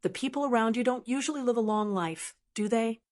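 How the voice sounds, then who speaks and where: A woman's voice: on the high side, a little fast, darkish tone, natural voice. Wry young woman cultivator in a fantasy audiobook, read by the female narrator.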